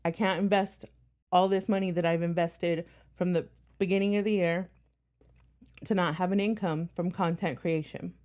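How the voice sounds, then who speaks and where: A woman's voice: fairly low pitch, steady tone, moderate pace, darkish tone. A woman streamer talking bluntly and profanely in casual stream chat, with a sarcastic edge. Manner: slightly out of breath while moving furniture.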